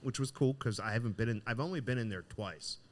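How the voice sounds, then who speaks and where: A man's voice: medium pitch, fast talker, a crowd in the background. Man telling a story with animation. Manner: animated, acts out the voices in his story. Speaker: podcast co-host. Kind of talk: casual storytelling chat. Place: cigar shop.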